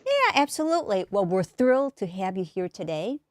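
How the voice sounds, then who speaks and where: A woman's voice: medium pitch, a little fast, no room sound, studio quality. A woman hosting an interview show, reading a promotional introduction and then asking questions. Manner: upbeat, expressive promotional delivery. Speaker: show host.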